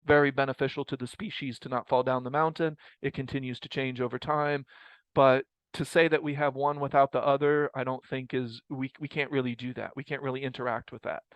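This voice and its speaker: Smooth-voiced man teaching mindfulness. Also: mid-range voice, little pitch movement, brisk, no room sound, highs cut off. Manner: rambling, reflective, self-correcting. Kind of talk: casual group teaching talk. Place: indoor group session.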